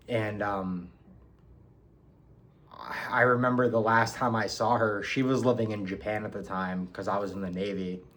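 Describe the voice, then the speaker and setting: A man's voice: lowish voice, fairly bright tone. A young man from New York telling a personal story in a casual, hesitant way, with many ums and restarts. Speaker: book reviewer.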